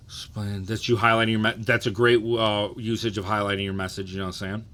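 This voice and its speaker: With a lowish voice that sounds pushed and bright, a man in his thirties hosts a casual livestream. He's loose and profane, regularly asking "you know what I'm saying".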